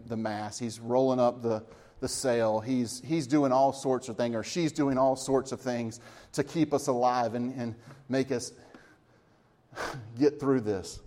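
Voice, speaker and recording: A man preaching a sermon, swinging between lively emphasis and hushed, quiet moments, with chuckles between points. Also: medium pitch. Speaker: pastor.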